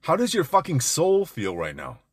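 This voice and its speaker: A man's voice: a little high, huge pitch swings, normal speed, slightly rough, dry recording, studio quality. A man giving an intense, blunt motivational monologue to other men, peppered with swearing. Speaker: men's self-help speaker.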